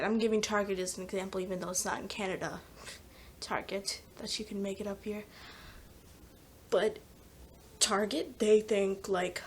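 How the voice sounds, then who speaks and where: A woman's voice: a little high, slight background noise. A teenage girl in a casual comedic vlog, rambling and self-mocking, sometimes dropping into whispers, filmed on a phone at home. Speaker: vlogger. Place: home, by a sunny patio door. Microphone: phone camera taped to a patio door.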